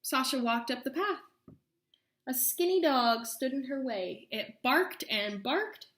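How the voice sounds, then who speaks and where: Storybook reader, female, a touch high, expressive read-aloud, roomy echo. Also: slow. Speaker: storyteller reading a children's book.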